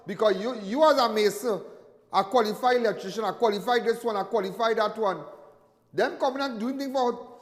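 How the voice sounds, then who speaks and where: A middle-aged man with a Trinidadian accent hosting a live call-in crime talk show, animated and emphatic, often repeating phrases for effect. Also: sits high, fairly quick, long reverb tail. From Trinidad and Tobago.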